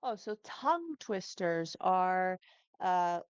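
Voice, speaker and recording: A woman's voice: on the low side, very animated, takes it slowly, clear, resonant tone, no echo, muffled recording. A woman who teaches English pronunciation, chatting as an interview guest with lots of fillers and self-corrections. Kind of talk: casual interview answers.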